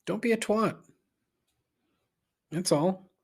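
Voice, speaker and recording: A middle-aged man hosting a podcast, rambling through a profane rant that climbs in pitch when he gets riled. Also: takes it slowly, gravelly, slightly rough. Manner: rambling and repetitive, swears freely, rises in pitch when riled. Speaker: podcast host. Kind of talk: casual profane ranting monologue.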